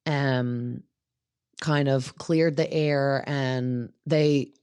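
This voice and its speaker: A woman's voice: rumbling low, fairly even intonation, very slow, darkish tone, clear, resonant tone, no room sound, studio quality. A young woman hosting a casual recap show, chatty and opinionated, acting out what people said. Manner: chatty, opinionated, acts out quotes. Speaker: podcast host recapping reality TV. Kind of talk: casual chat.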